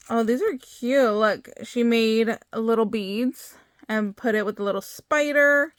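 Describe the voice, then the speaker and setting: A middle-aged woman chatting excitedly as she opens craft mail, gushing over each item. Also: mid-range voice, no echo. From United States. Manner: gushing, excitable, many exclamations. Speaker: crafting vlogger opening happy mail. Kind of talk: casual chat.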